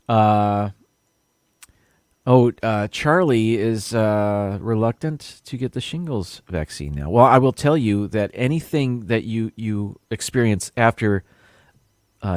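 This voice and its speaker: A man's voice: fairly low pitch, darkish tone, no room sound, clean studio sound. Rambling man hosting a live stream. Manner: rambling, reads viewer comments, stumbles over unfamiliar words. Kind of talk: casual live stream chat.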